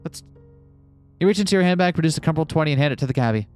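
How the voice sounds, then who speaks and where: A man's voice: a little high, animated, rapid-fire, darkish tone, clear, resonant tone, dry recording, soft background music. A man co-hosting a show, reading a text game aloud with casual, sweary asides. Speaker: co-host playing a game.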